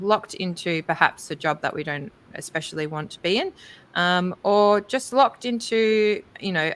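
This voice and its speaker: A woman talking casually on a crypto panel, chatty and animated, with many ums and likes. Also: lowish voice. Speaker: crypto conference speaker. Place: livestreamed panel.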